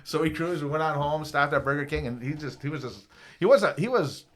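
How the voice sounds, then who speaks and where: A man's voice: a little high, a little fast, a bit bright, a little hiss or hum. A man in his fifties telling a long, profane story on a podcast, laughing often and acting out the people in it. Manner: profane, laughing, acts out quoted voices. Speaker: guest storyteller. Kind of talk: casual storytelling.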